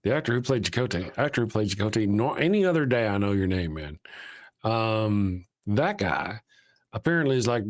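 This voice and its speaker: A man's voice: medium pitch, animated, a little fast, no room sound, clean studio sound. A man hosting a live stream, chatting casually in a rambling way, often breaking off mid-sentence and swearing lightly. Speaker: livestream host.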